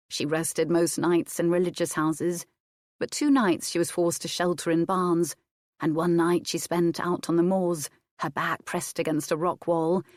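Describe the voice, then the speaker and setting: A woman narrates a historical romance in a measured, steady reading. Her voice sits low, and the recording is dry with no room sound. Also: dry recording. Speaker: audiobook narrator. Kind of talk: scripted narration.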